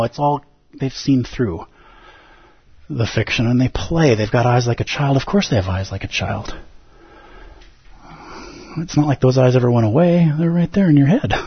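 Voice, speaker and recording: A man with a husky, slightly breathy voice gives a casual, playful Zen dharma talk to his group. The recording is dull and lo-fi, with a dry, close sound and no room around it. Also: medium pitch, no echo. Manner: conversational and playful, with frequent "like" and "right?". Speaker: Zen meditation teacher.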